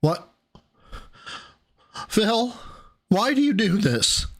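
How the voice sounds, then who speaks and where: A man's voice: sits high, very animated, very slow, a bit bright. A man streaming, reacting to a clip with sarcastic, exasperated commentary and a lot of swearing.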